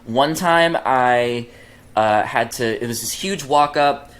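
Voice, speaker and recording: A man's voice: mid-range voice, slow pace, a bit bright. A young man, a podcast producer, telling stories casually and acting out the quotes as he goes, laughing often. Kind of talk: casual storytelling.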